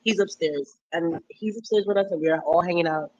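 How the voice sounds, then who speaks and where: A woman guest on a live stream, chatting casually and telling stories with lively acted-out quotes. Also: fairly low pitch, a little fast, lo-fi sound, a little hiss or hum. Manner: animated storyteller, acts out quotes. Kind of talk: casual chat.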